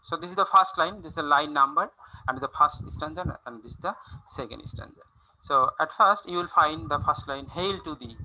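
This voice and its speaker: A man giving a university lecture on poetry, explaining slowly with many fillers and restarts. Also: fairly high pitch, sharp tone, slight background noise, low-quality recording. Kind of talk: recorded online lecture on poetry.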